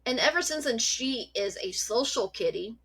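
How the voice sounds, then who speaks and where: A woman vlogger telling a story about her cat in a chatty, animated way, swearing freely. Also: on the high side, moderate pace, slightly rough. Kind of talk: casual storytelling.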